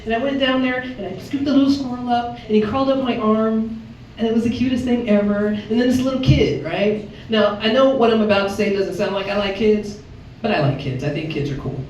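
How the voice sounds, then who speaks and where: Talking a little fast in a somewhat mellow voice, a female stand-up comedian from Chicago, Illinois, in her fifties, works a comedy club with brash energy and acted-out voices full of big pitch jumps. The audio is dull, echoey and distant with faint noise, and the audience laughs along.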